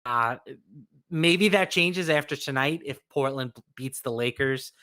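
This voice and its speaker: A man working as a betting analyst who talks in a measured, matter-of-fact way and walks through statistics to reach his picks. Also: medium pitch, bright, forceful tone, clear, resonant tone.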